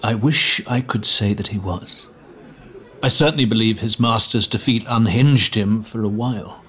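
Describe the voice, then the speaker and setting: A man's voice: lowish voice, normal speed, fairly bright tone, close to an everyday voice. A man voicing a pompous fretful minister. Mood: explaining. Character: anxious middle-aged male government minister, pompous.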